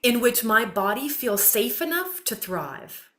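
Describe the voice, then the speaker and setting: A woman, a talk show guest chatting casually, animated and swearing freely. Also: fairly high pitch, a little slow. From Mississippi, US. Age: 50s. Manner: animated, swears freely, addresses listeners as y'all.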